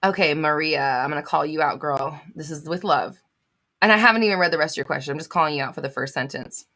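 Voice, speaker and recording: A woman with a slightly low voice hosts a live question-and-answer stream. She reads out comments from viewers and answers them in a blunt, emphatic way, repeating her points and swearing freely. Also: fast talker, bright, forceful tone.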